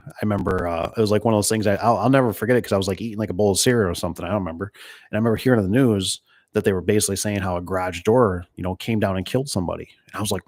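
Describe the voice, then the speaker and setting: Low-voiced rambling man from Michigan. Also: darkish tone, no room sound, studio quality. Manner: rambling, storytelling, mimics voices in quotes. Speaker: door and gate installer hosting a live stream. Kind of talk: casual chat reading viewer comments.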